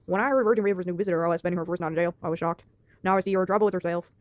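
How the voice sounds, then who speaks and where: Woman doing a gruff bar owner. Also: lowish voice, steady tone, rapid-fire, no echo, pitched below the performer's own voice, close to an everyday voice. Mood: easygoing.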